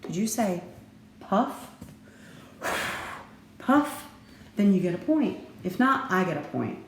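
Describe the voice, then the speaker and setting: A woman teacher giving a recorded phonics lesson, slow and deliberate, playful, with sudden lively jumps in her voice. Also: lowish voice. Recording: echoey room with faint background noise.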